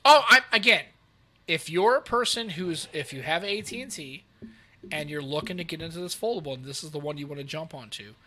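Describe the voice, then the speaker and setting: A man co-hosts a live tech podcast in a casual, animated way. His voice sits a little high and sounds very bright and edgy. He rambles through deals and gadgets and breaks off to greet people in the chat. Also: a little fast. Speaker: podcast co-host.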